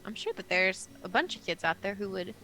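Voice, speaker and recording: Woman playing a gentle, fumbling dad. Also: mid-range voice, big pitch swings, slight background noise, rough recording. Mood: kind. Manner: halting, kind. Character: gentle, awkward dad of a teen girl.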